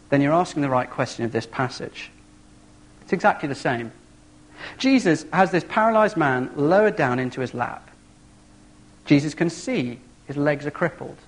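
Guy preaching, tells the story all animated, voice a bit on the high side. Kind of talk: sermon with dramatic storytelling.

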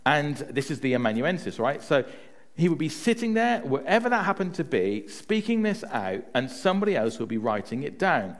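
Lively, chatty male preacher. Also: fairly high pitch, moderate pace. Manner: chatty, often adds "right?" to check in with listeners; tells personal stories to make a point. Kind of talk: conversational sermon.

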